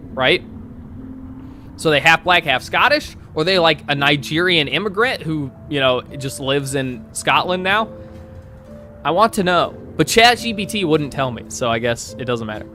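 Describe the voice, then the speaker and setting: A man's voice: on the high side, animated, normal speed, pushed and bright, soft background music. A man live-streaming, casually reading online posts aloud to his chat and breaking off with sarcastic asides.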